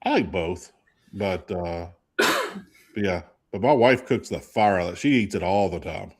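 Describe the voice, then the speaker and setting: A man's voice: low voice, a little slow, husky. A man co-hosting a radio show, telling casual stories and acting out the lines of the people in them. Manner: animated storyteller acting out quotes. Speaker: radio co-host. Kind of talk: casual storytelling chat.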